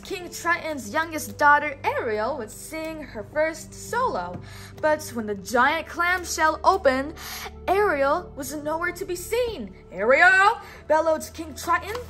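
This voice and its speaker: High-voiced woman reading a storybook aloud. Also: sharp tone. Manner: patient, prompting the listener to repeat words. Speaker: teacher.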